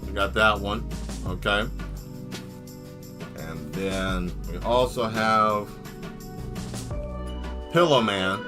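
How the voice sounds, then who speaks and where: A man hosting a live stream as an artist, chatting casually and playfully while showing his artwork, rambling with bursts of excitement. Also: on the low side, drawn-out words, long pauses, music in the background.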